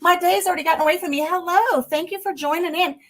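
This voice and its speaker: In her home kitchen, a livestream host with a very high, fairly bright voice chatters quickly to her viewers while cleaning out the fridge, sounding a bit breathless as she works.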